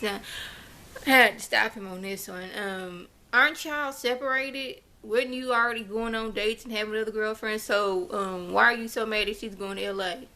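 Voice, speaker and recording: Woman vlogger, gossipy recap delivery, gravelly edge, bright tone. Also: medium pitch, steady tone, moderate pace. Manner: chatty, gossipy, paraphrases people in quoted voices. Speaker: TV show reviewer. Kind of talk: casual recap vlog.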